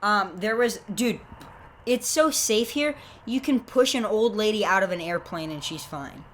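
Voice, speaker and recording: A woman's voice: medium pitch, lively intonation, unhurried, slight background noise. A young woman co-hosting a comedy podcast, telling silly stories in a playful, rambling way. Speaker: podcast co-host. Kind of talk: casual comedic chat.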